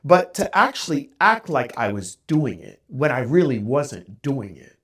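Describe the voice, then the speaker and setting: A man hosting a podcast, telling a candid, self-deprecating story in a casual, animated way. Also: medium pitch, measured pace, breathy edge. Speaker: podcast host.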